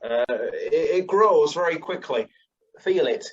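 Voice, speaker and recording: A man's voice: on the high side, expressive, slow pace. A man playing a cheeky, teasing young charmer. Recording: distant, dull lo-fi sound.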